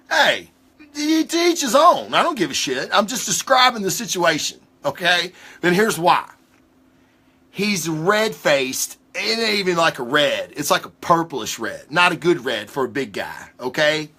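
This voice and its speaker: Excitable, cursing male host with a bright voice. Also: fairly high pitch, unhurried, slightly rough. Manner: rambling, excitable, heavy cursing. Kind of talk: casual monologue.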